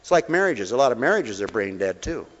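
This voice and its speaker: A man's voice: medium pitch, very animated, brisk. A man preaching a folksy sermon in a mission hall, coaxing listeners with questions and calling them honey. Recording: dull reverberant hall recording.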